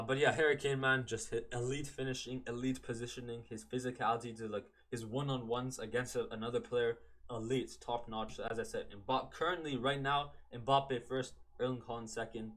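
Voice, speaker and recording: Rambling football podcast host. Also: male voice, mid-range voice, fairly bright tone. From Canada. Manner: rambling, self-correcting, keeps saying "man". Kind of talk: casual solo podcast chat.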